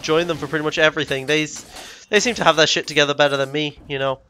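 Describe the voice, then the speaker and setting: A man's voice: on the high side, steady tone, fast, pushed and bright, soft background music. A young man vlogging casually, rambling with frequent self-corrections and indignant asides. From Britain. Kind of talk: casual rambling travel vlog.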